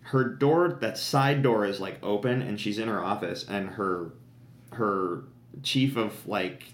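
A man's voice: on the low side, takes it slowly, roomy sound. A man co-hosting a podcast, chatting casually and enthusiastically, rambling with lots of fillers. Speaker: podcast co-host. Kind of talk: casual chat.

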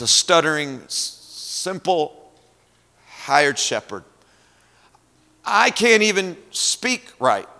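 Man doing a hushed, stammering shepherd, bright-edged, echoing in a big hall. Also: fairly high pitch, exaggerated voice. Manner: stammering, self-doubting, hushed. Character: timid stuttering male shepherd Moses. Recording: long hall reverb.

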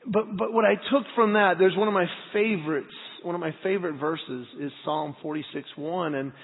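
A middle-aged man preaches in a large church hall, acting out every bit of dialogue in his story. His voice sits a touch high for a man. The sound is thin and phone-like, with a long reverb trailing each phrase. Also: moderate pace. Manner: animated, acts out dialogue in the story. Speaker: pastor. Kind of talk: storytelling sermon.

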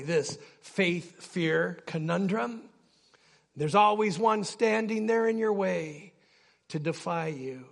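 An older man, a pastor, preaching a sermon with passion that builds toward near shouting. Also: sits high, expressive, takes it slowly, gravelly.

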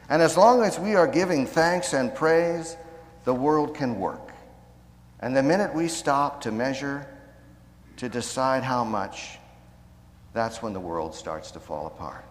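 A man preaching a sermon in a measured way, slowing down to stress key phrases. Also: medium pitch, big-room sound. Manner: measured, slows down for emphasis.

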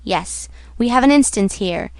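A woman's voice: mid-range voice, expressive, measured pace, gravelly, no echo. A woman voicing a wary, dismissive male jailer in an audiobook reading. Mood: warning. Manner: dismissive, scolding. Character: gruff middle-aged male jailer, wary.

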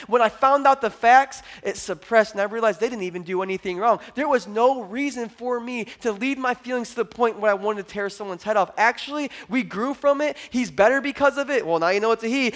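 A male pastor preaching a sermon in a conversational way, swinging between loud emphatic stretches and quiet low ones and acting out quoted voices. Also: moderate pace.

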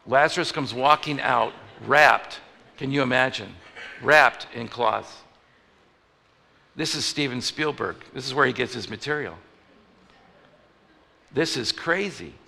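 A male pastor preaching a conversational sermon, moving from loud emphatic lines to hushed ones. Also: medium pitch, measured pace, gravelly, long pauses, a little hiss or hum. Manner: conversational, animated, swings between loud and hushed. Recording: reverberant hall.

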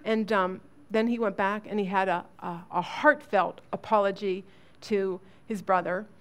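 A woman teaching other women in a sermon, telling a family story earnestly, with halting restarts. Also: mid-range voice, steady tone, fairly bright tone. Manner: earnest storytelling, acts out quoted voices.

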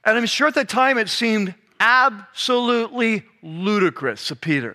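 Bright, high-voiced male preacher. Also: moderate pace, few pauses. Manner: animated, conversational, acts out scenes. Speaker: pastor. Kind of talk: sermon.

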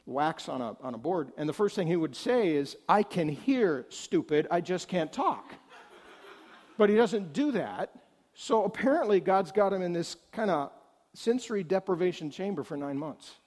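Male pastor, slightly high voice, preaching in a hall with long reverb; lively, jokey asides. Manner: animated, joking asides. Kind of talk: sermon.

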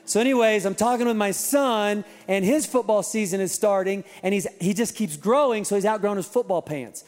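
A man's voice: high-pitched, normal speed. A man preaching a sermon as pastor in a church, telling stories and asking rhetorical questions. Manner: storytelling, rhetorical questions, lively delivery. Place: church auditorium. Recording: reverberant hall with music behind.

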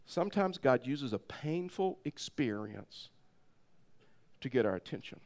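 A middle-aged man preaching, telling a personal story in an animated way and laughing as he goes. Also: medium pitch, measured pace. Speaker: pastor. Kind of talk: sermon storytelling.

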